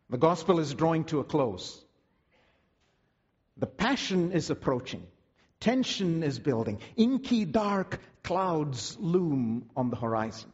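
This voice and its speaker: A man preaching a sermon with dramatic, vivid storytelling and drawn-out words. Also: on the high side, darkish tone, slightly rough, big-room sound, dull audio.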